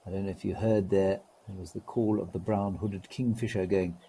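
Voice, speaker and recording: A man hosting a live wildlife stream, talking in a relaxed, gently wry way and greeting viewers. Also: sits low, normal speed, slightly rough, low-quality recording.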